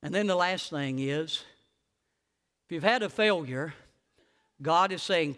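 Male preacher, high bright voice, drops to a hush and then surges loud, big hall reverb. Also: a little slow, pauses often, smooth. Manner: swings between hushed low lines and loud high preaching. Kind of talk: sermon.

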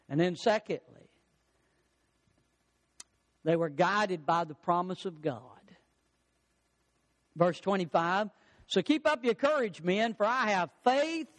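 A man preaching a sermon, building emphasis through repeated phrases and stretching key words slowly. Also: sits high, very animated. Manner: preaching with rising, emphatic repetitions. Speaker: pastor.

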